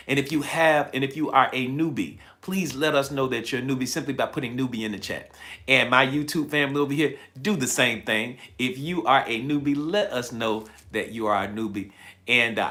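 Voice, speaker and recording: A man hosting a livestream, telling a story to his chat in a casual, animated way and repeating phrases as he builds it. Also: medium pitch. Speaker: livestream host.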